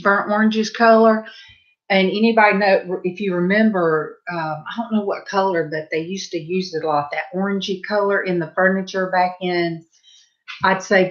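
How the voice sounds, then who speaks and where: Here the host is a middle-aged Southern US woman talking casually to viewers as she paints, chatty and rambling with asides. She has a mid-range voice, and the recording sounds muffled.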